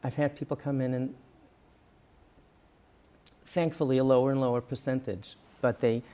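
A man's voice: mid-range voice, moderate pace. A man who is a rabbi, talking earnestly in an interview and often acting out the words of parents and coaches. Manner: earnest, animated, acts out parents and coaches in quoted speech. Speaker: rabbi and guest. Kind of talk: conversational interview.

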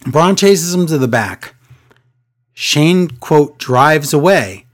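A man's voice: a little high, lively intonation, takes it slowly. A man co-hosting a casual wrestling recap, sarcastic and exasperated, often mimicking wrestlers in a raised voice. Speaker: wrestling podcast co-host.

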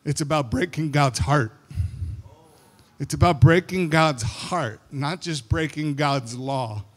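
A man's voice: on the high side, takes it slowly. A middle-aged male pastor preaching a sermon, telling a family story with acted quotes and laughing at his own anecdotes. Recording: long hall reverb.

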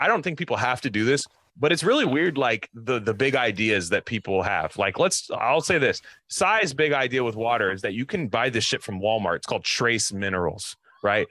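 A young man co-hosting a podcast, chatting casually in a loose, profane, animated way. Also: mid-range voice. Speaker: podcast co-host. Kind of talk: casual chat.

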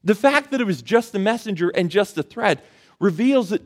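A pastor with a high, lively voice preaches at a moderate pace in a conversational style. He puts questions to his audience and retells a story using casual slang.

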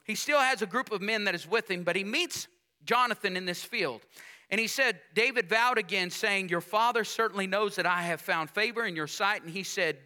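A man's voice: high voice, bright, forceful tone. A man preaching a sermon, reading scripture aloud and asking the congregation rhetorical questions. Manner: reads scripture aloud with dramatic emphasis.

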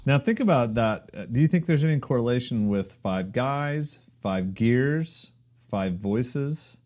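A man's voice: medium pitch, lively intonation, unhurried, darkish tone. An American man hosting a business podcast, playful and upbeat as he banters with his co-host. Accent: American English. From United States. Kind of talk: casual business podcast chat.

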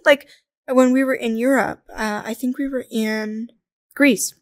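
Casting note: young woman, podcast guest, candid and jokey, higher voice, dry close mic. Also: a little slow, no room sound. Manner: candid, jokey, animated storytelling. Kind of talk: casual interview chat.

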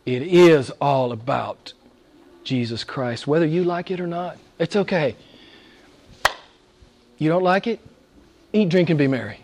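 A man preaching a sermon with passion, asking the same questions again and again, swinging from loud exclamations to hushed near-whispers. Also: fairly high pitch, a little slow, pauses often, slight background noise. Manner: repeats rhetorical questions. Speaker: pastor.

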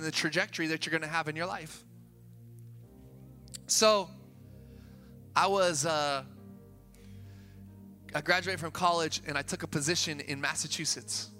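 High, bright-voiced preaching man. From Sacramento, California. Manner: energetic, builds to emphatic peaks, casual asides. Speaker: pastor. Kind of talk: sermon. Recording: long hall reverb with faint music.

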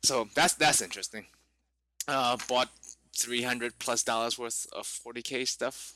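Man, casual rambling podcast talk, very bright voice, dry close sound. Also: mid-range voice, fairly even intonation, a little slow, no echo. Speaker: podcast co-host. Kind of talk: casual chat.

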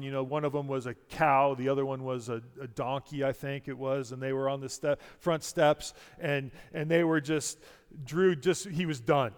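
A middle-aged man preaching a sermon as pastor, prayerful and conversational, often restarting words and dropping quiet. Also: mid-range voice, smooth, long reverb tail. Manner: prayerful, softening to near-quiet, with many restarts.

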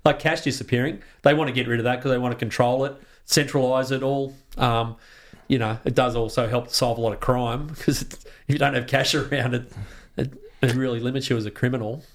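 An Australian man speaking as a guest in a relaxed podcast chat. His voice sits at an ordinary middle pitch, and he talks with real passion, swearing freely and restarting sentences as his thoughts race ahead. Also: fairly quick. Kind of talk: casual conversation.

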